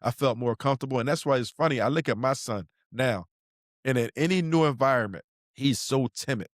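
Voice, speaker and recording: A man's voice: mid-range voice, brisk, dry recording, studio quality. A middle-aged man, telling slangy stories in a casual podcast chat as co-host. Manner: laid-back storyteller, slangy, acts out quotes.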